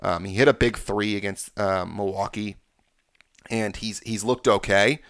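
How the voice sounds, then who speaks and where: A man's voice: on the low side, steady tone, a little slow, fairly bright tone, no room sound, clean studio sound. A man hosting a sports podcast, confidently breaking down games and stats in casual talk. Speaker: podcast host.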